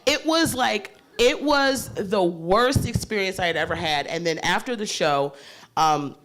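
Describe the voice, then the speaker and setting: A woman's voice: medium pitch, expressive, a little slow, fairly bright tone. A woman comedian on a panel, telling a story candidly and animatedly, swearing freely and laughing as she goes. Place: panel stage at a leadership summit.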